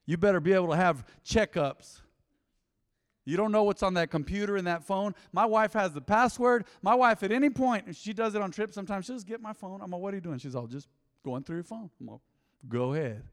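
High-voiced preacher in a big hall. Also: male voice, a little fast, smooth. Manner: animated, conversational preaching with asides to the congregation. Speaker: pastor. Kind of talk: sermon. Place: large church auditorium.

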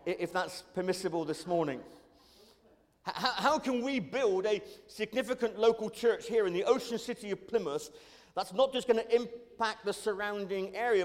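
A middle-aged male pastor giving a sermon in a church, earnest and given to stammered repeats of his words. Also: high-pitched. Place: church sanctuary. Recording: long reverb of a church hall.

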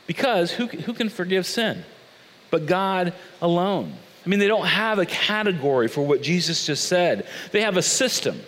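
A man delivering a sermon in a loose, storytelling manner, full of asides and questions to the listeners. His voice sits a little high for a man. It rings out with the long reverb of a large church hall. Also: moderate pace, a little hiss or hum. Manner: conversational, animated storytelling with asides. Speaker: pastor.

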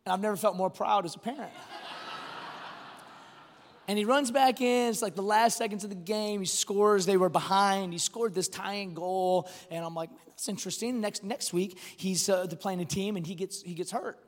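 A man's voice: sits high, moderate pace. Man preaching in an echoing hall. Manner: storytelling, animated, frequent restarts. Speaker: pastor. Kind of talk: sermon. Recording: long hall reverb.

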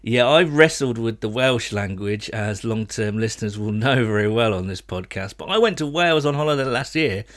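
A man hosts a podcast in a relaxed, chatty way. He talks at an easy pace and leans on fillers while he gathers his thoughts. His voice sits in a middle range. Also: medium pitch, normal speed, hardly any pauses. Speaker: podcast host. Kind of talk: casual podcast chat.

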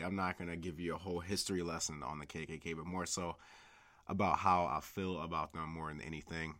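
A forceful, bright, low voice belongs to a young solo podcaster. He swears a lot and wanders through a casual rant, constantly dropping filler words and saying "like."

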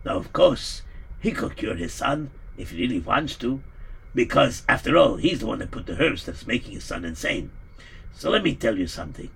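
A man telling a story live, animated and emphatic, stumbling over words at times. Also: mid-range voice, creaky, breathy edge. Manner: animated, emphatic, halting restarts.

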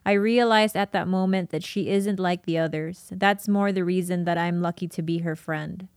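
A woman podcast host reading a diary aloud and chatting, emotional and quick to laugh. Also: lowish voice, steady tone, darkish tone, clear, resonant tone, no echo, studio quality.

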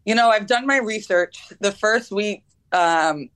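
The young American footballer talks in an unhurried, medium-pitched voice with a fairly bright tone. Answering the interviewer's questions as a guest, she stays casual, says um a lot, and laughs often.

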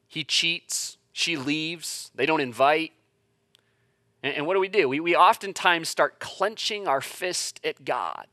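A man's voice: a little high, bright, forceful tone, no room sound, clean studio sound. A man in his thirties preaching a sermon full of family stories, talking in a conversational way with many stammered restarts and rising to emphatic peaks. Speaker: pastor.

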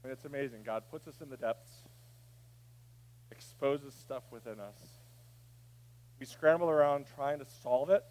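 A man preaching a sermon, dropping to a hush and then rising to a shout. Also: medium pitch, normal speed, long pauses. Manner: preaching, swinging from hushed to shouting. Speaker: pastor.

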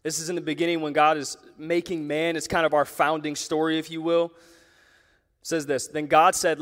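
A pastor preaching a sermon to a church audience, talking in a lively, conversational way and leaning on rhetorical questions. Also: male voice, fairly high pitch. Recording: long reverb of a large hall.

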